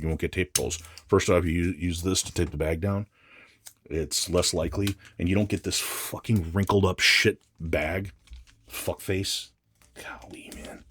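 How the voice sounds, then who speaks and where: A man's voice: deep voice, steady tone, moderate pace, fairly bright tone, slightly rough. A man vlogging while unboxing comics, grumbling and swearing in a casual, exasperated rant. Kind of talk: casual ranting unboxing vlog.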